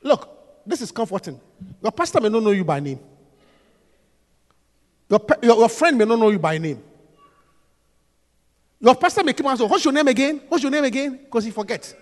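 A man preaching a sermon, emphatic and repetitive, swinging between hushed lines and shouts. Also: sits high, sing-song, normal speed, long pauses, in a large hall.

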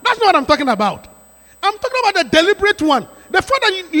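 A pastor delivers his sermon in a strikingly high, animated voice with a bright, forceful edge. He repeats his points with emphasis and breaks into sudden shouts. The sound rings with the long reverb of a church hall. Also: very fast. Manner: emphatic, repetitive preaching with rising shouts. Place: church sanctuary.

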